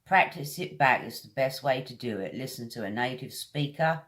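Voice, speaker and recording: A woman with a British accent teaching English vocabulary, drawing each word out slowly as she drills its pronunciation. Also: very deep voice, expressive, a bit bright. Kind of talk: vocabulary lesson.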